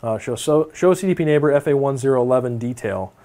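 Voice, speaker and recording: A young man teaching a networking course in a relaxed, conversational way, often checking in with his listeners. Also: medium pitch, fast talker. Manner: casual, filler-heavy, keeps checking in with okay. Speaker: networking instructor. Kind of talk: technical lecture over screen demo.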